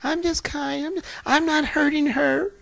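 A man's voice: extremely high pitch, steady tone, moderate pace, creaky, a bit bright, voice pushed up, full character voice. A male preacher voicing a deceiving demon that feigns a sweet, demure innocence during a sermon. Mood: sweetly demure.

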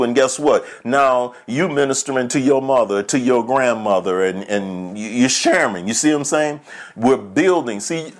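A man of middle pitch preaching to his congregation. He tells homespun stories in a conversational way and chuckles as he goes. He slows right down to read scripture with weight. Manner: conversational preaching, slow deliberate scripture reading. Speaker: pastor. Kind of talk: sermon.

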